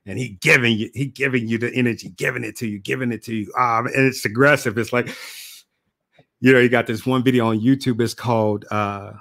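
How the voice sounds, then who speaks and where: A man talking casually to camera as a motivational speaker and host. He is relaxed, repeats phrases for emphasis and laughs at himself. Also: medium pitch, a little fast, creaky, no echo, studio quality. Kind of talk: casual reflective monologue to camera.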